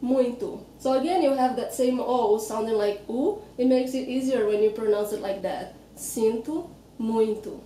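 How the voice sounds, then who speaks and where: A woman with a Brazilian accent teaching Portuguese pronunciation, patiently sounding out words slowly. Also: fairly high pitch, warm tone, reverberant, distant mic, slight background noise, low-quality recording. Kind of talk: explaining pronunciation.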